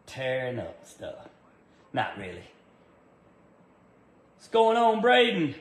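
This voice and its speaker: A man's voice: high voice, sharp tone. A man chatting casually on a livestream from his garage workshop, rambling with lots of fillers and greeting viewers by name. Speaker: race car builder livestreaming from his shop. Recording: roomy echoey shop.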